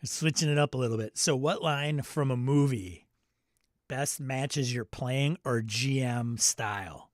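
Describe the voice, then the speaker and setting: A man's voice: mid-range voice, measured pace, no room sound, studio quality. A man with a Midwestern American accent who hosts a casual livestream chat, joking, rambling and answering his chat. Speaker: host.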